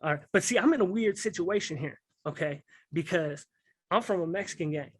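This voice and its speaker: Recalling life behind bars, a male guest rambles on in casual street slang, often asking "you know what I mean." He has a high, slightly rough voice, talks fairly quickly, and the recording is dry.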